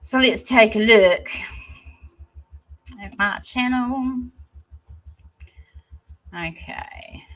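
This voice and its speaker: A New Zealand woman hosting a casual livestream chat, hesitant and rambling with many pauses. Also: fairly high pitch, fairly bright tone, poor audio. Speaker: channel host.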